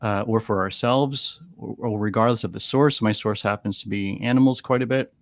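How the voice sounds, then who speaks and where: Low gravelly man telling stories. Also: moderate pace, dry recording, studio quality. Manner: earnest, repeats words while thinking. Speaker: animal communicator guest. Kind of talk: storytelling interview talk. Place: podcast studio.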